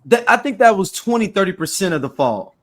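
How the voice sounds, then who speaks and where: Man, high voice, podcast co-host, animated casual banter. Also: a little fast. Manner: animated, jumps in to correct, laughs often. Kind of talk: casual chat.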